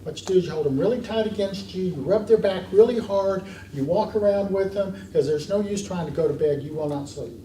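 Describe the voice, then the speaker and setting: A man's voice: high voice, a little fast, hardly any pauses, warm tone. A man teaching a parenting class in a church, earnest and storytelling, with emphatic stresses. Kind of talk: classroom lecture. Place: church meeting room. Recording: echoey room from far off, faint hiss.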